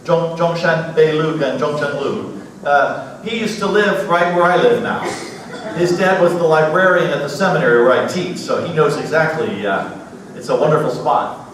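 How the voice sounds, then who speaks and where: A man's voice: a little high, moderate pace, a crowd in the background. Genial man in an echoey church hall. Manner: genial, chuckles at his own stories. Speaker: missionary speaker. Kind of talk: church slide talk. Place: church sanctuary. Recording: echoey hall, distant mic, faint hiss.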